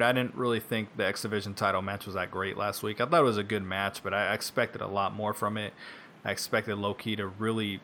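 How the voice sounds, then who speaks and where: Telling a story during an easygoing wrestling conversation, a lively man breaks into rapid mimicry of others. Faint rumbling noise can be heard behind him.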